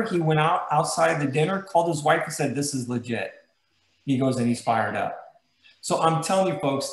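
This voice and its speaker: A man's voice: high-pitched, reverberant, poor audio. A man as guest host, giving an emphatic, emotional motivational talk to sales agents, telling stories from his own experience.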